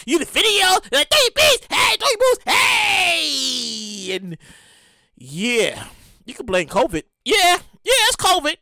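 A woman's voice: high voice, pushed and bright, dry recording, studio quality. A woman hosting a show, ranting casually and emphatically, with profanity and stammered restarts. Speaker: show host. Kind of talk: casual comic rant.

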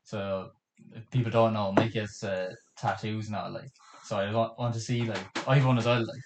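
A man's voice: fairly low pitch, fairly even intonation, moderate pace, heavy background noise. A young man hosting a podcast in casual chat, telling stories animatedly and quoting people in voices. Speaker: podcast host. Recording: roomy, echoey room.

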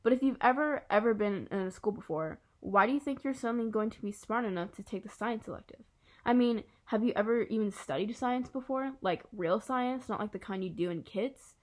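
A smug young bully, put on by a woman reading aloud, sarcastic and sneering at everything. His voice sits a little higher than a plain reading voice and pushes forward. It suits an audiobook of a school story. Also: fairly quick, close to an everyday voice.

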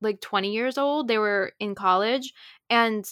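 A young woman in her twenties talks casually on a podcast, filling her sentences with likes and ums. Her voice is smooth and clear. It sounds dry and close to the mic. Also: mid-range voice, measured pace, a bit bright, no echo. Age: 20s. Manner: chatty, filler-heavy with frequent "like" and "um". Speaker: podcast co-host. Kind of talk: casual chat.

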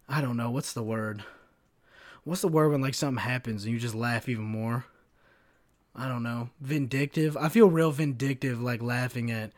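A man's voice: medium pitch, darkish tone. Rambling, cussing young guy podcasting. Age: 20s. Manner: loose and rambling, swears a lot, laughs at his own jokes. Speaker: podcast host. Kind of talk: casual solo podcast rant.

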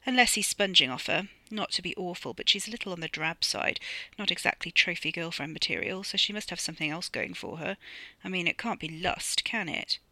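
A woman's voice: lowish voice, fairly quick, bright, forceful tone, dry recording, heavily acted. A woman reading the lines of a snide, posh young man with a mocking drawl. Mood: sneering.

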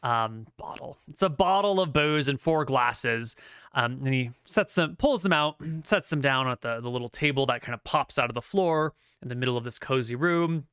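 Bright-voiced rambling male game master. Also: mid-range voice, normal speed, smooth, dry recording, clean studio sound. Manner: rambling, searching for words, many fillers. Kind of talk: narrating a tabletop game. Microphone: online voice call.

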